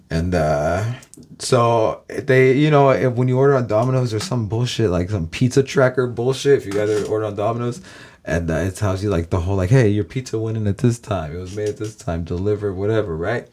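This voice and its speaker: This man's voice sits on the low side with a darkish tone. He's a vlogger from Los Angeles, USA, with a Californian accent, delivering a rambling, profane, casual monologue to viewers and peppering it with "guys."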